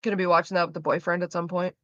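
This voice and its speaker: Chatty woman streamer ranting, lots of likes, bright tone, dry close sound. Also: on the low side, racing, no echo. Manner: animated, profane ranting; chatty, full of "like" fillers. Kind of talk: casual live stream chat. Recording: slightly dull lo-fi sound.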